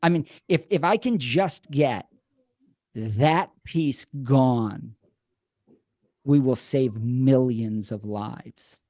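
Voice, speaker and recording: A man telling his story as a podcast guest in a lively, conversational way. He restarts and repeats words and acts out quotes from the past. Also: medium pitch, extremely slow, no echo. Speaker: podcast guest, addiction program co-creator.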